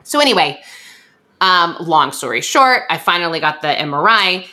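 A young woman hosting a podcast, telling a story in a chatty, animated way and acting out what others said. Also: on the low side, moderate pace. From USA. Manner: chatty, animated, acts out quoted voices. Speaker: podcast host. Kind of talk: casual storytelling chat.

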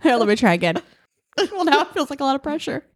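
A woman's voice: high-pitched, sing-song, fast, dry recording. A woman co-hosting a podcast in casual chat, rambling and laughing often into a studio mic. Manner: giggly, rambling, lots of laughter. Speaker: podcast co-host.

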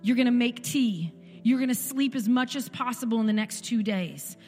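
A woman's voice: fairly high pitch, normal speed, a little mellow, faint music behind. Impassioned woman preaching in a church hall. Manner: impassioned, rhetorical questions, repeats phrases. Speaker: church speaker giving testimony. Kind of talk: sermon testimony.

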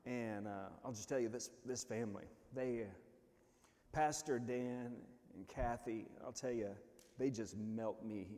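A man preaching a testimony sermon, swinging from hushed, low stretches to loud shouts, often restarting his words. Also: unhurried. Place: church hall. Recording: long reverb of a church hall.

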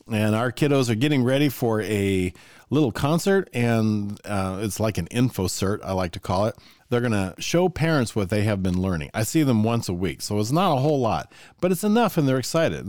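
A middle-aged man with a lively, swinging voice hosts a solo podcast. He talks in an enthusiastic teacher's way and keeps asking the listener questions. The sound is close and dry. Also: mid-range voice, dry recording. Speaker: music teacher and podcast host.

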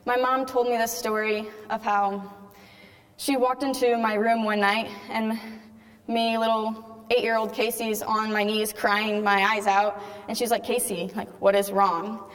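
Teen girl, fairly high voice, chatty testimony talk, long hall echo. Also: level tone, unhurried, fairly bright tone. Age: teens. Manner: chatty storytelling, acts out quoted dialogue. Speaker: speaker giving a faith testimony. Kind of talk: personal testimony talk to an audience.

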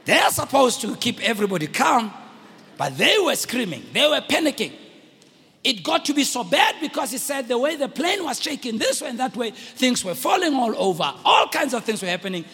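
A man delivers a sermon in a strikingly high, husky voice. He swings between hushed storytelling and loud exhortation with a lively, rising-and-falling pitch. His voice carries a long reverb, as in a large hall. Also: a little fast. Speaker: preacher.

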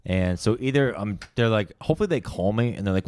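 Podcast host, a man spinning a crude story with animated delivery. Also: lowish voice, fast talker, clear, resonant tone. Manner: storytelling, swears freely, acts out quotes. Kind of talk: casual crude podcast chat.

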